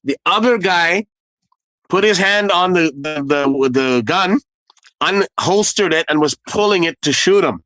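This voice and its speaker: A middle-aged man, a former nightclub doorman, casually telling a story with lively quoted dialogue and repeated phrases. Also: sits high, unhurried, no room sound, rough recording.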